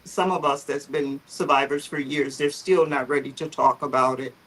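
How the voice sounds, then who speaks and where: A heartfelt woman speaks earnestly about her journey, her voice husky and a little breathy. She talks on a livestream video call, often close to tears. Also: very deep voice, fairly even intonation, normal speed, fairly bright tone, rough recording. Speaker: founder of a photo therapy group, guest. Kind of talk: livestream conversation, personal story.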